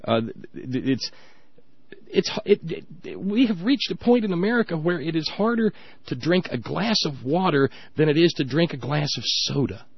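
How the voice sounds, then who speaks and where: A man's voice: a little high, animated, moderate pace, gravelly, breathy edge, dry recording. A man hosts a casual political talk show in a wry, reflective storytelling manner. He leans on fillers as he winds through an anecdote. The audio is slightly dull and dry.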